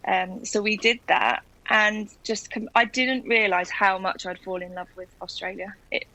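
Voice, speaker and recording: A woman's voice: mid-range voice, fairly even intonation, normal speed, pushed and bright, poor audio. A woman in her thirties with a South London accent, chatting enthusiastically as a podcast guest. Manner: chatty, enthusiastic, laughs easily. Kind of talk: casual video-call chat.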